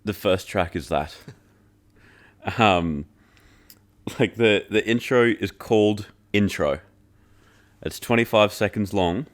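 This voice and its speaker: A man with a very low voice hosts a podcast and reviews an album in relaxed chat. He jokes around, swears freely and fills his sentences with "like". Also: slow pace, long pauses. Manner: loose and joking, heavy filler "like", swears freely. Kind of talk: casual chat.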